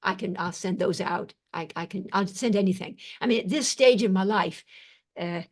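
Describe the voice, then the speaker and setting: Older woman effusively thanking webinar viewers. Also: mid-range voice. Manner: warm-voiced, effusive thanks, halting restarts. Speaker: psychiatrist hosting a webinar Q&A. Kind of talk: live webinar Q&A, reading chat comments.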